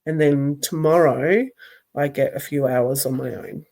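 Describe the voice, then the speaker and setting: A woman co-hosting a casual podcast, reflective and quick to laugh. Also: very deep voice, dark tone. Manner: slow, reflective, laughs often. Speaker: podcast co-host. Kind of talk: casual chat.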